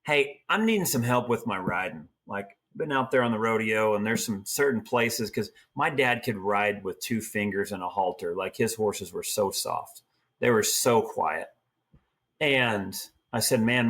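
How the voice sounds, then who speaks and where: A man's voice: on the low side, moderate pace. Folksy middle-aged guy from oregon telling ranch stories, easygoing. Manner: folksy, animated storyteller acting out quotes. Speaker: guest, team roper and trainer. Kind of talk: casual storytelling.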